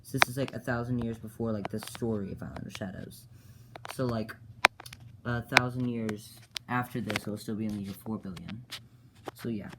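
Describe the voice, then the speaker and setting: A man casually retelling the plot of his own comic, halting, with many fillers and self-corrections. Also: fairly low pitch, heavy background noise.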